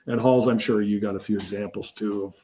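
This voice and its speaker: Animated man telling umpire stories. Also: on the low side, brisk. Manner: animated storyteller, many restarts. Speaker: podcast co-host, baseball umpire. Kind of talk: casual storytelling chat.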